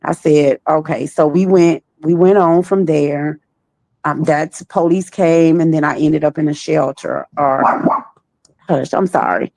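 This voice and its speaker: Gravelly low-voiced woman telling her story. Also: fairly even intonation, warm tone, dry recording. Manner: slow, halting, repeats phrases. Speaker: trafficking survivor guest. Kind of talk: personal testimony.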